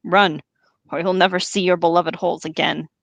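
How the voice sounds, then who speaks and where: A woman voicing a gruff male orc captain who barks harsh, impatient orders in a storybook reading. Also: lowish voice, fairly even intonation, moderate pace, no room sound. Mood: commanding.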